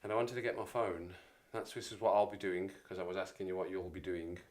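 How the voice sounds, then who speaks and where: A man's voice: deep voice, flat delivery, fast talker. A middle-aged man chatting casually on a live stream, joking and repeating himself. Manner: jokey, rambling, repeats himself. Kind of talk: casual chat.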